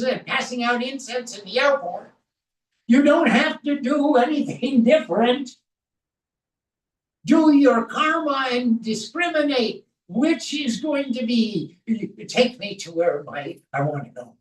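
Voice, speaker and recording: Woman, high voice, slow emphatic scripture lecture, echoey temple hall, mic at a distance. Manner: emphatic, slow, explains Sanskrit verses phrase by phrase. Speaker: spiritual teacher. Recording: echoey room, voice from far off.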